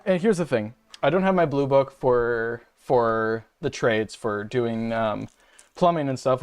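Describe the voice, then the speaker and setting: A young streamer who calls himself a femboy rants casually to viewers from his home setup, in a mid-range voice with a darkish tone. As the channel's host, he rambles, vents, and swears freely, picked up by a webcam and desk mic.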